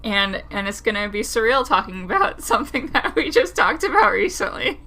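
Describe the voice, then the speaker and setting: A woman's voice: a little high, very animated, normal speed, bright, forceful tone. A woman co-hosting a casual podcast chat, laughing often and talking in loose, hedging run-on sentences. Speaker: podcast co-host.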